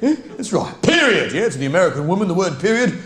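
A man's voice: high-pitched, lively intonation, rapid-fire. A British man doing live stand-up comedy, brash and mocking, firing off tag questions at the crowd. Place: large indoor comedy venue. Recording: echoey live venue with loud crowd. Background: loud audience laughter.

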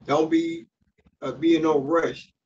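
In a church sanctuary, a pastor with a slightly high, slightly mellow voice preaches in a flat, somewhat slow delivery. He reads passages of scripture and breaks off often to explain them, stumbling into fillers and restarts. The audio is dull and faintly hissy, picked up from afar.

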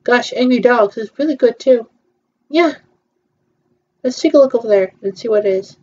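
A woman's voice: on the high side, moderate pace, a little mellow, breathy edge. Hesitant woman on a dull lo-fi recording. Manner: hesitant, frequent ums, playful back-and-forth. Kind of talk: casual virtual theme-park tour chat.

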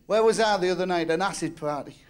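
Northern english comic bloke, high voice, blunt crude one-liners on a stage mic. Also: male voice. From North West England. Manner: brash, blunt, quick-fire joke telling with crude punchlines. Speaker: stand-up comedian. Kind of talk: stand-up comedy routine.

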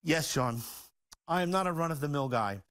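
A man with a high, bright-pitched voice delivers a jokey, boastful sales pitch at a rapid clip. He speaks as a store owner guest on a talk show and keeps up the salesman's energy, with loud, punchy emphasis. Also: animated.

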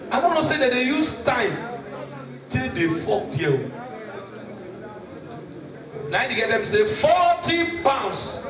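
A Nigerian comedian with a very high voice tells stand-up stories. He shouts his punchlines. He is heard from far off on an echoey stage, with a loud live crowd behind him.

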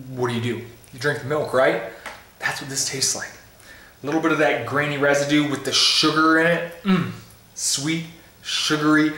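Upbeat male vlogger, playful and excited, mid-pitched voice, tasting between lines, recorded in an echoey room. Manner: tasting ice cream while talking. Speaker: food reviewer. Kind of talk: casual vlog review. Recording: roomy echo.

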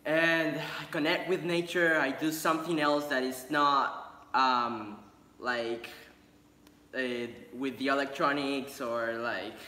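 A man's voice: mid-range voice, fairly even intonation, takes it slowly, pushed and bright. A teenage boy as a guest on a livestream, hesitant and searching for words. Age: teens. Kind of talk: casual chat. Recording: distant, echoey room with faint ambience.

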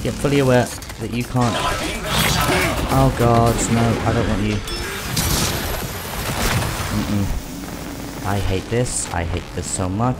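A man's voice: fairly low pitch, fairly even intonation, slow, pauses often. A man giving panicky, swearing commentary while playing a game and talking to it. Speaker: gamer. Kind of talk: gameplay commentary. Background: game music.

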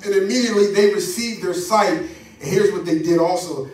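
A man's voice: sits high, fairly even intonation, fairly quick, a little mellow. A man preaching a sermon as pastor, fervent and rhythmic, drawing call-and-response from the congregation. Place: church sanctuary. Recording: echoey church sound from a distance.

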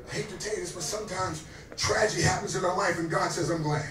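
A high-pitched man preaching in a restaurant dining room, heard from some distance with a roomy echo and faint music underneath. He swings between quiet asides and shouted calls to the congregation, a pastor in his fifties working the crowd. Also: fast talker. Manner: call-and-response exhortations. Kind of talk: sermon.

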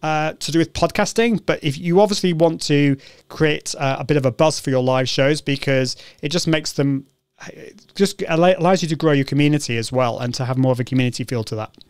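British man, live-stream host, casual, upbeat, many restarts, smooth voice, dry sound. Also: a little high, fairly quick, no echo. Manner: chatty, upbeat, frequent restarts and ums.

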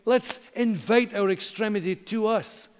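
A middle-aged man preaching a sermon as pastor, earnest, slowing down and pausing for emphasis. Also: sits high, a little hiss or hum. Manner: earnest, dramatic pauses, slows for emphasis. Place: church hall. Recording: long church reverb.

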